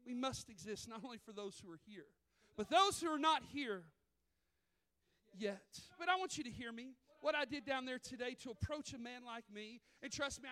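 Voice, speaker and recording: Man, pastor, storytelling sermon, very high-pitched, animated. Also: clear, resonant tone. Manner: animated, acts out voices in stories. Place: church sanctuary.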